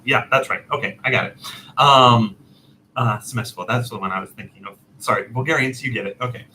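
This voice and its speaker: Bright-voiced man telling a story. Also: medium pitch, fairly quick, a little hiss or hum, rough recording. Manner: animated, self-deprecating, laughs often. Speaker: storyteller host. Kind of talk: casual personal storytelling.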